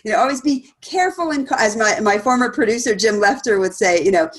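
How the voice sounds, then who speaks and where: Lively laughing middle-aged woman presenter. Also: fairly high pitch, fairly quick. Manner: animated, laughs often, acts out quotes. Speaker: speaker series presenter. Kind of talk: casual conversational talk.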